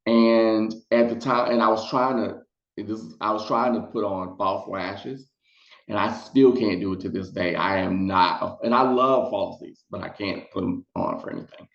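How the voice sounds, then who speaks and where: A man telling a casual storytime to his viewers, chatty and animated, slipping into high put-on voices when quoting people. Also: moderate pace, gravelly, reverberant, highs cut off. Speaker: storytelling vlogger.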